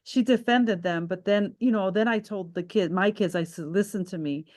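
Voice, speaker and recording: A woman's voice: medium pitch, normal speed, a little mellow. A woman hosting a podcast interview, talking in a reflective, rambling way with many restarts. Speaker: podcast host.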